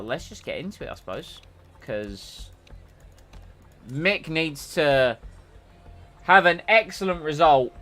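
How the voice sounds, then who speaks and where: A man casually commentating on his own racing game stream, jokey and rambling, getting excitable when the race starts. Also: medium pitch.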